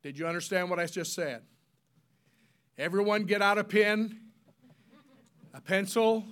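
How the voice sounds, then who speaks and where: Preaching to his congregation, a high-voiced man slowly spells out key words and has the people say them back. His delivery rises to loud, emphatic peaks, then drops to hushed, solemn tones.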